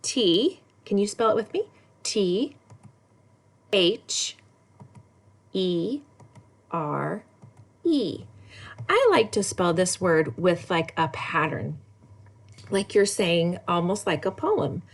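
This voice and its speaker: A woman teaching a recorded lesson for kindergartners, spelling words slowly in a sing-song way. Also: fairly low pitch. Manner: slow, sing-song spelling with lively ups and downs. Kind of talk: recorded lesson for young children.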